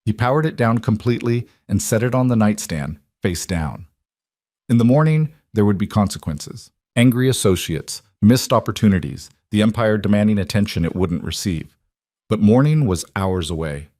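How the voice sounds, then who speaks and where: A male narrator reads a dramatic romance aloud in calm, steady scripted narration. His voice sits low. The sound is close and dry with no room. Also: moderate pace, dry recording.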